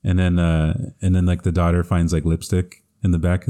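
A man with a low, mellow voice chats casually on a podcast. He retells movie scenes at length, full of fillers and restarts, and he chuckles often as he goes. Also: level tone, moderate pace. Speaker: podcast co-host. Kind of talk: casual chat.

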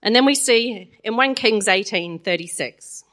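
A woman's voice: medium pitch, measured pace, a bit bright. A woman retelling a Bible story in a chatty, playful way, often asking her listeners questions. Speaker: Bible lesson teacher.

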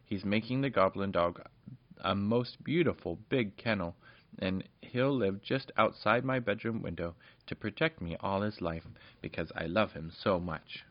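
A firm, eager little fairy princess from a storybook, as a man reads her out, in a low voice. The recording is dull and dry. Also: a little slow, dry recording. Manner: firm, earnest storybook reading.

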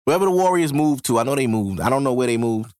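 A man's voice: medium pitch, expressive, fast, darkish tone, dry recording, clean studio sound. A man hosting a casual solo podcast, talking in loose, profane street slang and laughing often between thoughts. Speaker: podcast host. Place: home podcast setup in New York.

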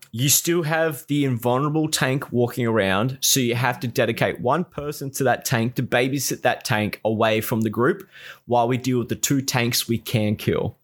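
A man co-hosting a casual chat, telling a rambling, exasperated story full of swearing. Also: mid-range voice.

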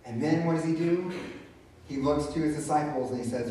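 A man's voice: a little high, fairly quick, noisy background. A man pastor giving a conversational sermon, retelling scripture in his own casual words. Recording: very echoey room, voice from a distance.

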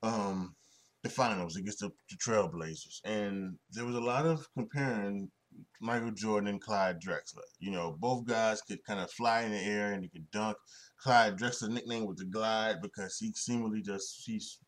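A young man with a voice on the low side talks at normal speed as host of a solo sports podcast. He wanders through his points with many restarts and fillers, chuckling often.

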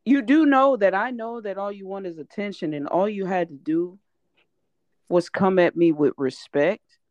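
A woman's voice: medium pitch, moderate pace, darkish tone, dry recording, highs cut off. A woman content creator speaking indignantly and emphatically in a casual chat, with frequent swearing.

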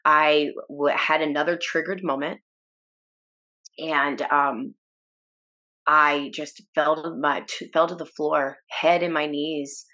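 A woman's voice: sits low, steady tone, takes it slowly, bright, forceful tone. A woman telling her faith testimony as a podcast guest, earnest and emotional, with restarts and short laughs. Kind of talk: personal testimony in a podcast interview.

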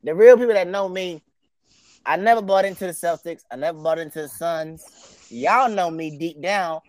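A man's voice: a little high, moderate pace, darkish tone, dry recording. A young man co-hosting a casual sports podcast, teasing and laid-back, repeating himself in slang. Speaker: podcast co-host.

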